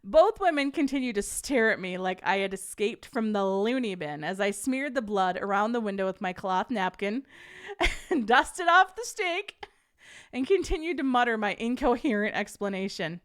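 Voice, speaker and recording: A woman's voice: medium pitch, animated, moderate pace, clear, resonant tone. A young adult woman hosting a podcast, casually reading a story aloud to her live chat and laughing often. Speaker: podcast host reading stories.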